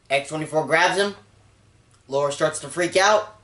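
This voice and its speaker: Young male reviewer with a somewhat high voice, recapping a movie casually and getting excited, recorded in a roomy space. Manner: excitable, with sudden jumps in pitch and volume. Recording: echoey room.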